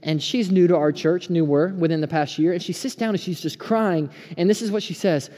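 A man in his thirties preaching a sermon as pastor, earnest and urgent, dropping to a hush and then rising fired-up. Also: on the high side, a little fast. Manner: earnest, swings between hushed and fired-up. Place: church sanctuary. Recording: preaching in a hall with long reverb.

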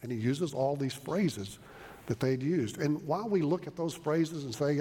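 Husky preacher in a reverberant hall. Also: male voice, a little high, expressive, moderate pace, mellow. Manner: earnest, emphatic preaching with frequent restarts. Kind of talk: sermon. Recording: long reverb of a large hall.

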